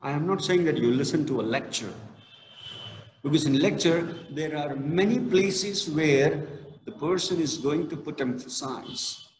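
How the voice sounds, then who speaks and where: A male college lecturer gives a classroom lesson, talking slowly and leaning hard on key words. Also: fairly high pitch, slight background noise. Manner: slow, emphatic, stresses key words. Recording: echoey hall, reverberant.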